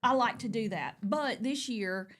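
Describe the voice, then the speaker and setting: An older woman co-hosting a casual chat, telling animated stories and acting out what people said. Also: a little high, unhurried. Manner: chatty, animated storyteller, acts out quotes.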